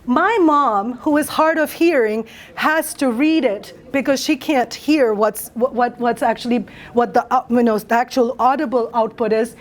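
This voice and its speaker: A woman's voice: fairly high pitch, moderate pace. A middle-aged woman professor, a native Bengali speaker, presenting her research earnestly and thoughtfully, with frequent fillers and restarts.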